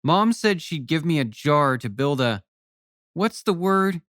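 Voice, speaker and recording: An excitable little girl chatters away in a high, bright voice, put on by a man reading an audiobook. She is eager and breathless, and the sound is dry and close. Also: measured pace, dry recording.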